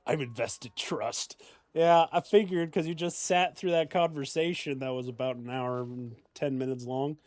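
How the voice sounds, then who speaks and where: A streamer chatting casually while playing, relaxed, self-mocking and quick to laugh. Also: medium pitch, no room sound. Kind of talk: casual gaming stream chat.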